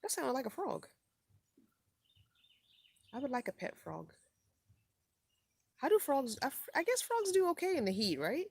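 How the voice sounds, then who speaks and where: Tired from missing sleep, a middle-aged van-life vlogger rambles through a laid-back live stream, reading viewer comments out loud. Her high, gravelly voice swoops wildly in pitch, with a breathy edge, a slightly slow pace and long pauses.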